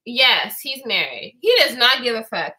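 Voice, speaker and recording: Speaking at a measured pace, this woman in her twenties has a high-side voice with big pitch swings and a bright, forceful tone. Her storytime vlog is candid, profane, and chatty, and she replies to live comments.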